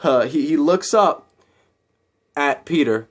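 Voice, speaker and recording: A man casually retelling a film scene by scene, rambling and repeating himself, and jumping into higher voices when he quotes the characters. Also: animated, slow pace. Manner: rambling and repetitive, acting out quotes in raised voices. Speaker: movie recap vlogger.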